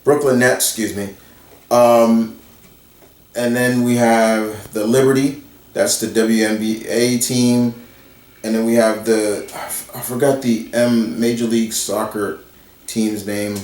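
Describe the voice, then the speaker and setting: Slow-talking New man in a roomy echo. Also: mid-range voice, flat delivery, darkish tone. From New York area. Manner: rambling and conversational, talking straight to viewers. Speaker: YouTuber answering viewer questions. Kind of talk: casual Q&A vlog. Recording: roomy echo, distant from the mic.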